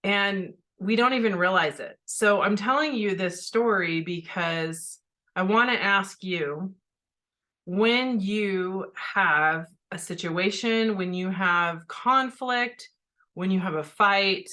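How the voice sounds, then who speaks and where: A woman's voice: mid-range voice, slow pace, sharp tone. A middle-aged woman hosting a podcast, candidly telling a personal story and then coaching her listeners directly. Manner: candid, speaks straight to listeners. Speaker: podcast host.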